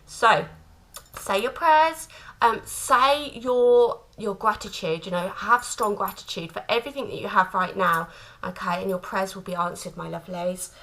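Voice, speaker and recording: A tarot card reader gives a chatty spiritual reading to camera, affectionate and quick to laugh, often repeating "my lovelies" and "okay?" Her voice is medium-pitched and a bit bright at a normal speed, but the audio is poor.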